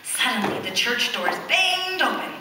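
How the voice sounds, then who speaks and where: Lively woman reading to children in a church. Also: a little high, moderate pace, background noise. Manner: animated, questions the children as she reads. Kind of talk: reading a picture book aloud to children. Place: church, large indoor space. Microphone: far camcorder. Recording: echoey church hall from far off.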